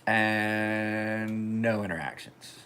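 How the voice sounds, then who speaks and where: A man's voice: on the low side, steady tone, extremely slow, bright, forceful tone, smooth. A man casually chatting on a livestream from his home kitchen, rambling and joking as he talks. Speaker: knife sharpener and livestream host.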